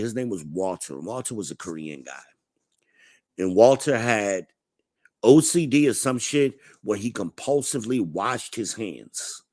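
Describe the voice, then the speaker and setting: Man in his forties, low voice, blunt and profane, laid-back storyteller, dry close sound. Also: bright, forceful tone, no echo. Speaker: vlogger. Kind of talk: casual storytelling monologue.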